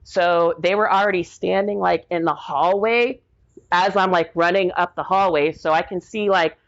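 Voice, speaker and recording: An animated middle-aged woman recounts a personal story on a podcast, leaning on "like" and acting out what people said. Her voice sits a little low. The audio is dull and lo-fi. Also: normal speed. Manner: animated, acts out quotes, frequent "like" fillers. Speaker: guest.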